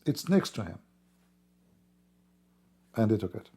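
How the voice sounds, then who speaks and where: A hoarse man who is losing his voice talks in a rambling, emphatic way during a casual livestream, clearing his throat often. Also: on the low side, sing-song, slow pace, dark tone. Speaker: livestream host.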